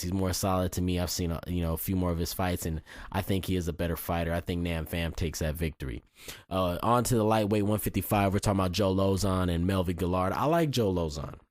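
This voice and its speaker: A man's voice: low-pitched, darkish tone, no echo, clean studio sound. A man giving casual, opinionated fight predictions in a blunt, cocky way, often restarting sentences and swearing now and then. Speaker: fight commentator and video host.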